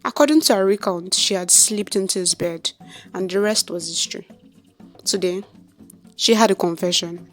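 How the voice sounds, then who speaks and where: A woman with a Nigerian accent, narrating a folktale in an expressive storytelling style. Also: medium pitch, moderate pace, faint music behind.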